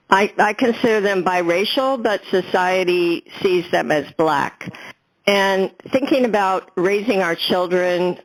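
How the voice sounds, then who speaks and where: Woman talking at a town hall, slow and careful with lots of uhs, lower voice. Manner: measured, with frequent hesitations. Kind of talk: personal statement.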